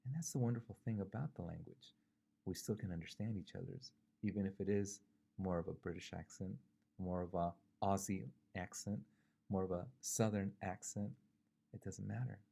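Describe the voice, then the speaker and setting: A man preaches a short devotional in a relaxed, conversational way, asking rhetorical questions as he goes. His low voice is dark, gravelly and husky. He is from California. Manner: conversational, thinks aloud with fillers and rhetorical questions. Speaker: pastor.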